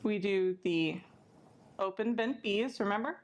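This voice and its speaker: A woman librarian, teaching a step-by-step sign language lesson in a friendly, clear way. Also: mid-range voice, a little slow. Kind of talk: instructional video lesson.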